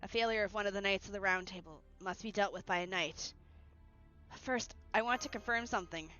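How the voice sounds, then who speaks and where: A woman voicing a calm, loyal male knight who speaks in a measured, grave way. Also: medium pitch, lo-fi sound, soft background music, close to an everyday voice.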